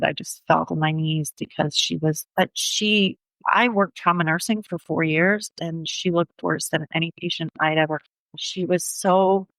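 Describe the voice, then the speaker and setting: A middle-aged woman telling her personal story in an interview, earnest and steady, often acting out the back-and-forth of conversations. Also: low voice, creaky, no echo, rough recording. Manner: earnest, reenacts dialogue in quick back-and-forth. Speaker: guest, bereaved mother.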